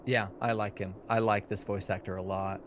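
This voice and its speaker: A man's voice: lowish voice, flat delivery, moderate pace, background noise. A young man chatting casually as he reacts to a game, rambling through thoughts with plenty of asides. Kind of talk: casual commentary.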